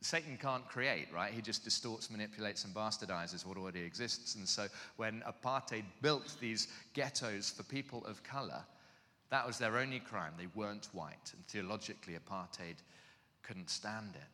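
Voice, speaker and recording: A man preaching in an animated, self-mocking storytelling way, heard in a reverberant hall. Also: on the low side, moderate pace. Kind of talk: storytelling sermon.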